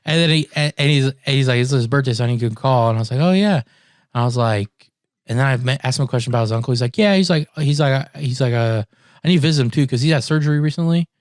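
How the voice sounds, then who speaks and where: A man's voice: medium pitch, very fast, no room sound. Guy on a podcast telling a story, laughs a lot, does voices for the people in it, dry room. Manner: animated storyteller, acts out quotes, laughs often. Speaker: podcast co-host. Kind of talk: casual storytelling chat.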